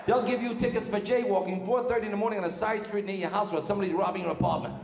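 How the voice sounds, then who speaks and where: Brash stand-up comedian on a hall stage. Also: male voice, high-pitched, fairly even intonation, creaky, darkish tone, lo-fi sound. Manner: brash, rapid-fire joke telling. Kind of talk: live stand-up routine. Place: live stage in a large hall. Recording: roomy live hall with faint noise.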